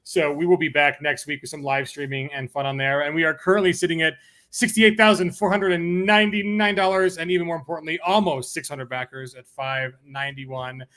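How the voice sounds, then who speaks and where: A man's voice: fairly high pitch, steady tone, brisk, pushed and bright. A man hosting a publisher's launch livestream, talking casually and upbeat with many fillers. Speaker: host of a publisher's launch stream.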